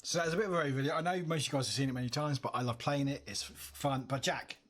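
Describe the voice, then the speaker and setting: A man's voice: medium pitch, steady tone, very fast, a bit bright, faint music behind. A tired man chatting casually on a live stream, upbeat and greeting his viewers by name.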